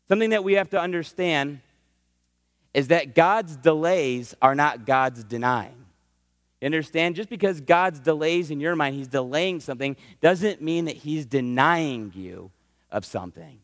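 A man gives a sermon in a casual, conversational style, slipping into acted-out prayers. His voice sits fairly high. The sound is dry up close, but a long reverb trails off through the hall. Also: lively intonation, moderate pace. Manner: conversational preaching, acts out prayers and voices of God. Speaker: pastor.

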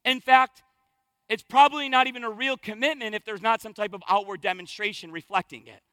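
A pastor preaches with energetic, emphatic repetition. His voice sits very high and bright for a man, with a forceful edge. The sound is dry and close. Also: a little fast, no echo. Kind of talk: sermon.

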